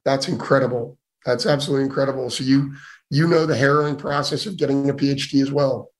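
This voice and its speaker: Hoarse, enthusiastic man host. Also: medium pitch, fairly even intonation, fast talker, poor audio. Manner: enthusiastic, confident. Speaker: host answering questions. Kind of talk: casual conversation.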